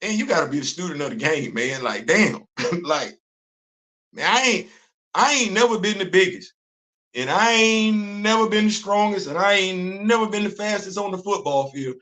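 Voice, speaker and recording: In casual livestream commentary, the host, a man with a high voice, rants animatedly at normal speed. He's repetitive, slang-heavy, and quick to laugh.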